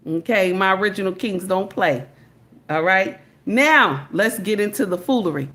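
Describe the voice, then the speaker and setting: A woman's voice: mid-range voice, moderate pace, a bit bright. A woman hosting a live stream, talking casually and emphatically to her chat, repeating phrases and greeting viewers by name. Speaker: livestream commentator.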